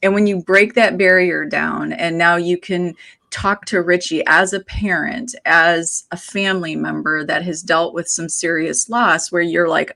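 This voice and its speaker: Woman podcast guest, lowish voice, reflective and persuasive. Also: fairly even intonation, measured pace, vocal fry, pushed and bright. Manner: reflective, persuasive, many rhetorical "right?". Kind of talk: casual podcast chat.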